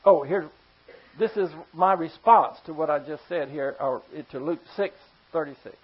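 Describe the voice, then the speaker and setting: A preacher delivers a forceful sermon and keeps turning to the congregation with pointed rhetorical questions. The voice sits at a middling pitch. The recording sounds a little dull and lo-fi. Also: normal speed, husky. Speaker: pastor.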